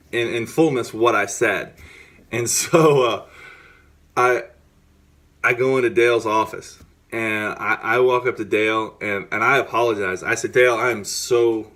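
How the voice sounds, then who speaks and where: A man, a former pitcher, telling a story in a casual, excited way, often restarting and repeating words.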